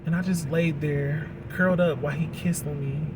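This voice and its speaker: Against a noisy background, a man tells his viewers a personal story in a confessional storytime monologue. His voice is fairly high and steady in tone, yet emotional and halting, and he often repeats words.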